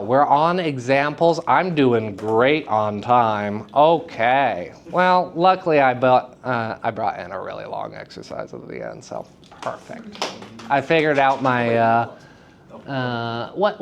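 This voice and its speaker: A man giving a live drama workshop to high school students, chatty and self-deprecating, often turning to the class with questions. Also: gravelly, slight background noise.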